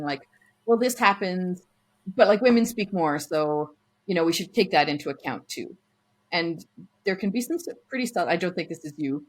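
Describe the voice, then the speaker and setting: A woman's voice: low voice, low-quality recording. Thoughtful woman guest in conversation. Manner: thoughtful, searching for words with fillers. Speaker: podcast guest, social worker. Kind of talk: casual conversational interview.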